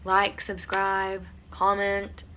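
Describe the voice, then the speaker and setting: A woman's voice: mid-range voice, monotone, very slow, pushed and bright, slight background noise. A teenage girl vlogging to camera from her room, rambling with lots of fillers and close to tears. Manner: rambling, tearful, many "like" fillers. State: on the verge of tears. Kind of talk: casual storytime vlog.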